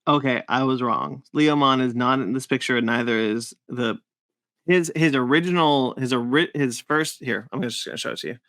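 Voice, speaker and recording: Podcast co-host, male, mid-pitched, earnest and halting, dry close-mic sound. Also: dry recording. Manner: earnest, stumbles and restarts when excited. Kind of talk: casual chat.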